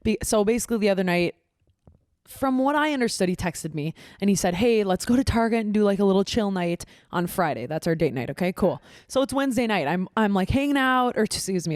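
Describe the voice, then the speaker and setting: A young woman co-hosting a casual podcast, talking fast and loose and swearing freely. She tells stories animatedly and jumps into the voices of the people she quotes. Her voice sits in an ordinary middle range, recorded close and dry. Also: mid-range voice, lively intonation, a little mellow, no room sound. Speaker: podcast co-host. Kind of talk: casual chat.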